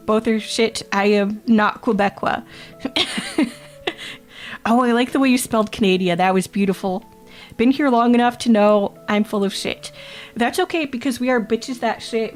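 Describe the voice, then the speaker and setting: A woman streaming casually, reading chat aloud, joking crudely and laughing often, often repeating her own phrases. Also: fairly high pitch. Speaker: VTuber streamer.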